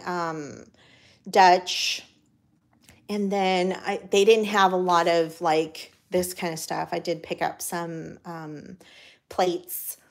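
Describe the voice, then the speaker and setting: An American woman talking casually while she crafts, rambling with lots of fillers and restarts, her voice a little worn from talking. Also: fairly low pitch. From United States. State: voice cracking from talking. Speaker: craft vlogger.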